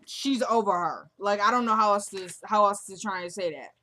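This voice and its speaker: A woman casually recapping a TV episode in a chatty, slangy way, full of quick asides. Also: mid-range voice, sharp tone.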